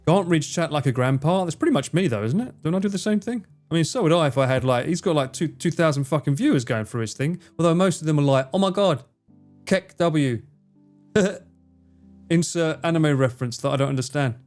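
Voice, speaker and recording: A man's voice: fairly high pitch, lively intonation, quick pace, darkish tone, soft background music. A man chatting casually on a livestream, reading chat, swearing freely and bantering with a teasing tone.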